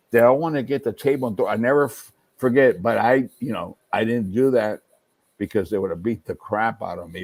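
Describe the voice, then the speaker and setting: A man from Cuba, a guest in casual chat, telling a story in an animated way with Spanish words mixed in. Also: on the low side, slightly rough, dry recording.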